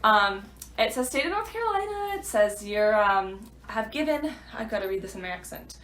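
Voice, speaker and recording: A chatty woman gives a casual, rambling vlog update and fills her talk with little fillers. Her pitch is middling and ordinary, and her voice rings around an echoey room. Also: normal speed, a bit bright. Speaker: new realtor.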